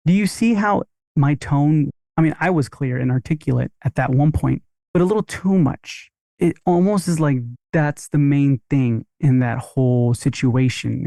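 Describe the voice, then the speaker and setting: A man's voice: medium pitch, normal speed, creaky, dark tone, dry recording, clean studio sound. A man teaching dental marketing on a podcast, in a punchy, upbeat coaching manner.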